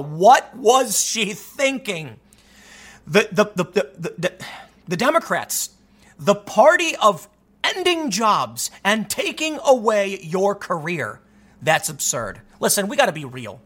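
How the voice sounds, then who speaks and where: A man's voice: high-pitched, a bit bright. A man giving solo political commentary, reading news excerpts aloud and reacting with emphatic, rhetorical asides.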